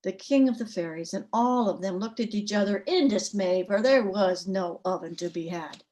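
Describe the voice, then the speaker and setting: A woman storyteller tells a folk tale with an expressive, rhythmic cadence. Her voice sits at a middle pitch, neither high nor low. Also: normal speed. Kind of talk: oral folk tale telling.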